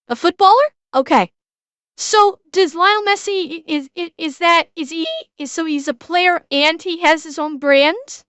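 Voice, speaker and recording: High-pitched woman streamer ranting and swearing, dry close sound. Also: unhurried, long pauses, fairly bright tone, no echo. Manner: blunt, heavy swearing, indignant. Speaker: streamer reacting to a video. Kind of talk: ranting reaction commentary.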